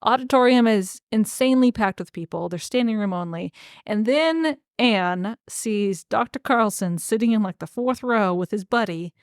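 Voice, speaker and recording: A young woman co-hosting a book podcast, relaxed, recapping the plot in casual chat with lots of "like". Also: mid-range voice, normal speed, no echo, clean studio sound. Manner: relaxed storyteller with many "like" fillers. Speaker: podcast co-host.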